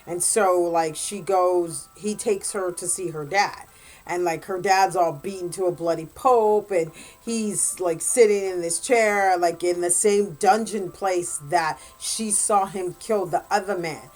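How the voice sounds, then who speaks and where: A woman's voice: lowish voice, measured pace, a little mellow, faint music behind. A woman, a guest reviewer, casually retelling a book's plot in a rambling way, full of "like" and "blah, blah.". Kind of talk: casual spoken book recap.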